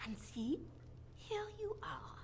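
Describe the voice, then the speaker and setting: A woman's voice: extremely high pitch, sing-song, takes it slowly, background noise, heavily acted. An actress playing a scheming female spymaster in a video game, with a put-on French accent and a purring, condescending manner. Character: scheming female bard spymaster, silky and menacing.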